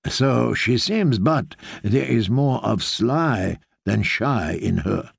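A man's voice: mid-range voice, expressive, slow pace, gravelly, slightly rough, no room sound, clean studio sound, full character voice. A man voicing a proud, fearful queen in an audiobook reading, with a haughty, scheming manner. He lifts his voice to play her. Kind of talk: audiobook character voice.

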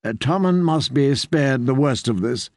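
A man's voice: medium pitch, lively intonation, measured pace, a little mellow, no echo, studio quality. A man voicing a haughty, scheming queen. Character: proud fearful queen, grown woman. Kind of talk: audiobook character voice.

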